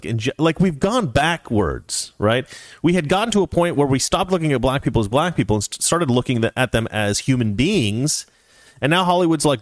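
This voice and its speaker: Sarcastic man with a lively delivery. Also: medium pitch, no room sound. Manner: sarcastic, animated, reads quotes aloud. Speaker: commentary host. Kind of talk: casual opinion commentary.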